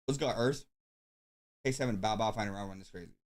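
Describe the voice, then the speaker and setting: A man hosting a tournament live stream, talking casually and thinking aloud with frequent pauses and ums. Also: fairly low pitch. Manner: laid-back, thinks aloud with many ums.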